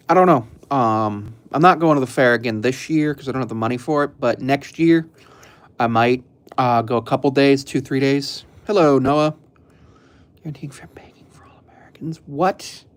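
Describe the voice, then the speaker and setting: A young man chatting casually on a live stream, rambling and laid-back, with frequent ums and soft chuckles. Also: medium pitch.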